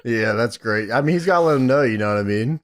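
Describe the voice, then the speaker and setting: A young man co-hosting a casual podcast, joking crudely in a slow drawl. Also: medium pitch, lively intonation. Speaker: podcast co-host.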